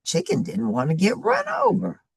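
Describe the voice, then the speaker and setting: A woman's voice: sits high, wildly swooping pitch, normal speed, creaky, no echo. A middle-aged woman reading a picture book aloud to children, adding friendly asides about the pictures. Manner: warm asides to young listeners. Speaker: storybook reader.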